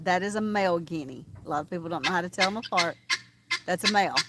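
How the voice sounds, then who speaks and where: With roosters and farm animals in the background, a woman chats on a livestream from outdoors on her small farm. She speaks quickly in a lowish voice, rambling and filling gaps with frequent "um"s, and the audio is very noisy.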